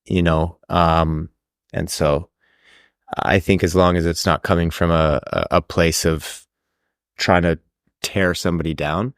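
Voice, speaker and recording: A man's voice: deep voice, a little slow, gravelly, smooth, no room sound, studio quality. A man with a Canadian accent, co-hosting a casual podcast chat, swearing freely and restarting his sentences. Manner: swears a lot, restarts, animated. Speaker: podcast co-host.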